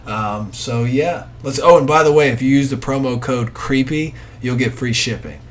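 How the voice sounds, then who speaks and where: Male podcast host, mid-pitched, offhand rambling ad reads over faint background hiss. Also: moderate pace. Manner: rambling, jokey, self-deprecating. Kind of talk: casual sponsor read.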